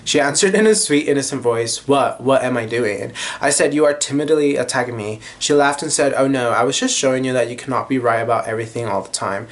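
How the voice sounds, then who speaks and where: A man's voice: medium pitch, brisk, hardly any pauses. Chatty young man gushing about books. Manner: chatty and animated, gushing with giggles and filler words. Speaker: vlogger. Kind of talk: casual chat, reading book passages aloud.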